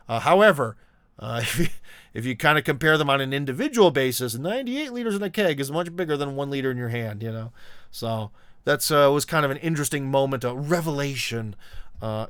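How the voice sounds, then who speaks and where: A man's voice: medium pitch, clean tone, dry recording. A man hosting a live call-in stream, talking casually. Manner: rambling, many fillers, laughs mid-sentence. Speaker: show host taking callers.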